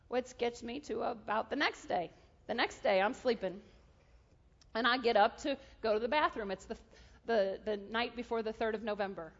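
A woman preaching a sermon, telling a story and acting out dialogue with lively energy. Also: on the high side, normal speed. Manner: animated, acts out dialogue with God. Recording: dull sound in a large reverberant hall.

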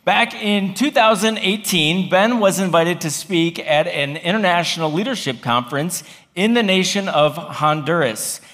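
A man's voice: high voice, normal speed, a bit bright. A man, a campus pastor, telling a funny story in a sermon with wry, self-deprecating humor. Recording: long hall reverb.

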